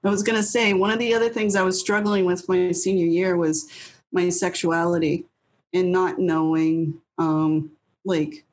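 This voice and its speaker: A woman's voice: fairly low pitch, steady tone, moderate pace, darkish tone, low-quality recording. A woman in her thirties from New Hampshire, a guest telling casual stories in an interview in a blunt way, swearing freely and acting out her own past lines. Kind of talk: casual storytelling.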